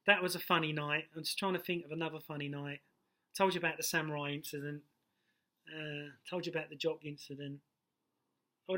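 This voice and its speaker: A man's voice: fairly high pitch, pushed and bright. A middle-aged man from London telling swear-laced stories about his time as a doorman in a casual, rambling way. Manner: chatty, swears freely, drifts between stories. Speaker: personal trainer, former doorman. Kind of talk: casual storytelling to camera.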